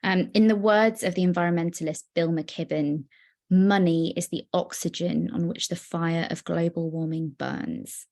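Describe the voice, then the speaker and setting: A young woman giving an earnest, personal talk on a video call, with many pauses and fillers. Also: lowish voice, steady tone, gravelly, darkish tone. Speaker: guest speaker. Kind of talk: virtual presentation.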